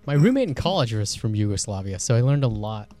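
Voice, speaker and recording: A man from California co-hosting a radio show, telling a relaxed, laughing anecdote. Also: mid-range voice, brisk. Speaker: radio co-host. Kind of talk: casual radio talk.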